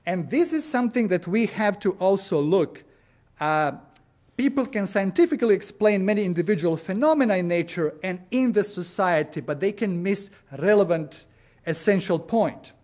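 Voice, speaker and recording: Man, high-pitched voice, sermon, storytelling, fillers. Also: expressive, normal speed, a little mellow. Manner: storytelling, frequent "uh" and "you know". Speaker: preacher. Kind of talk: sermon with anecdotes.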